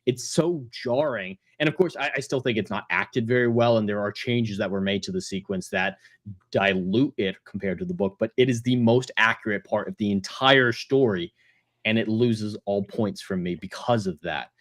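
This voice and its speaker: A man hosting a casual live review panel, opinionated and quick to mock, who slips into little character voices when retelling scenes. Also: on the low side, fairly bright tone. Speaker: show host and panel critic.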